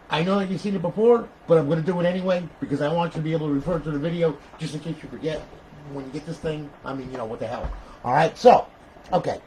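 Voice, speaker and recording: A man giving a casual gameplay tutorial, rambling and swearing, who breaks into loud trash talk at other players. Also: on the high side, a little hiss or hum. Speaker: console modder demoing a modded console.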